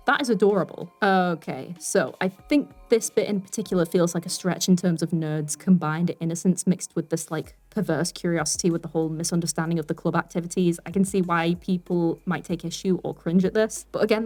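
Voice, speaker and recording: A young woman giving casual spoken commentary with chatty, animated asides and frequent laughter. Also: on the low side, brisk, few pauses, faint music behind. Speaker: art commentary YouTuber.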